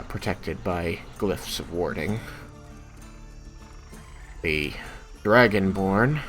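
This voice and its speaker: A man narrating as game master for a tabletop game, measured and often pausing with fillers. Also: deep voice, a bit bright.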